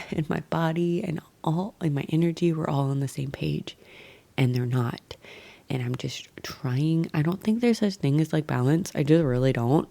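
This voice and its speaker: A woman's voice: low voice, vocal fry, dark tone. A young adult woman hosting a solo podcast, talking candidly and self-critically with many fillers, restarts and some swearing. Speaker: podcast host.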